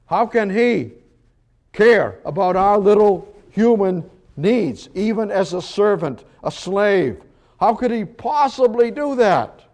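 A man teaching a verse-by-verse Bible sermon, slow and emphatic, repeating words as he explains. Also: high-pitched, darkish tone. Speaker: preacher.

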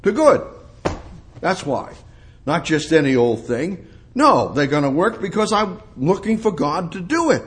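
A male preacher delivering a sermon, asking rhetorical questions and building up to emphatic, high-pitched peaks. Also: animated, moderate pace, slightly rough.

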